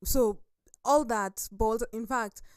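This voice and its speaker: A woman's voice: a little high, slow pace, smooth, no room sound. A young adult woman sharing personal experiences on a studio talk show. She talks in a reflective, storytelling way. The sound is dry and close. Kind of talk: casual studio chat.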